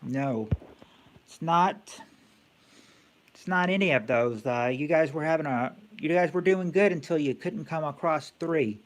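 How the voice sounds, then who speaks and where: A man with a fairly high voice runs a casual quiz game on a live stream. He talks in a halting way, thinking aloud with plenty of fillers and restarts. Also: slight background noise.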